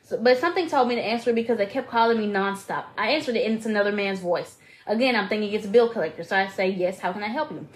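A woman's voice: medium pitch, rapid-fire, low-quality recording. A woman co-hosting a podcast, reading a listener's email aloud with dramatic emphasis and giving blunt, profane advice in casual chat. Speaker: podcast co-host.

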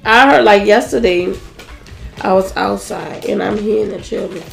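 A woman's voice: medium pitch, moderate pace, creaky, faint music behind. A woman in her thirties chatting casually as a podcast co-host, telling stories in a blunt, profane way. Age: 30s. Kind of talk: casual chat. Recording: echoey room.

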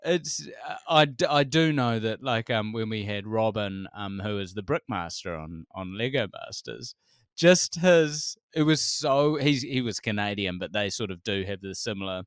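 A man in his forties with a New Zealand accent, a comedian telling animated stories in a casual podcast chat and laughing often. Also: fairly low pitch, normal speed, smooth, no room sound, clean studio sound. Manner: animated storyteller, acts out quotes, laughs often. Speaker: comedian guest.

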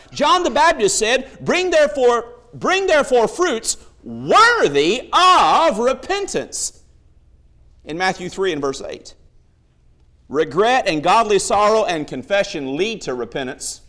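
A man's voice: sits high, sharp tone. A man preaching a sermon, emphatic, telling stories and acting out the voices in them.

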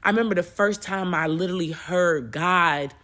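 A young adult woman hosting a podcast, talking casually about faith in an emotional, animated way, often repeating and restarting her words. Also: lowish voice, moderate pace. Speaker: podcast host and preacher. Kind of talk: casual spiritual talk.

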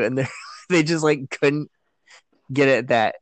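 A man's voice: mid-range voice, steady tone, measured pace, long pauses, dry recording. A man chatting as a guest on a podcast, hesitant and full of fillers, often laughing as he recalls things. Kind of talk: casual chat.

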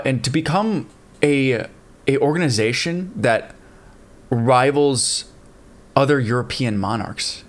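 A man co-hosting a casual history podcast, relaxed and chatty, adding facts with the odd swear word. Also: medium pitch. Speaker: podcast co-host.

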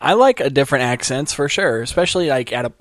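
A man's voice: medium pitch, lively intonation, fast talker, no echo. Laid-back male podcast host, dry close mic. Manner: laid-back, laughs often, chatty. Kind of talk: casual podcast chat.

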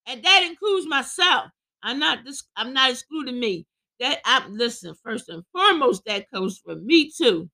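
A woman preaching with fervor, quoting scripture and shouting as she exhorts her listeners. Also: sits high, very animated, normal speed. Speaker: podcast preacher.

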